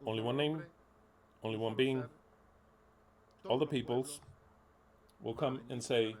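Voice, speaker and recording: A man's voice: medium pitch, fairly even intonation, unhurried, pauses often, a little mellow. A man preaching a sermon in an emphatic, blunt way, repeating key words and sometimes swearing.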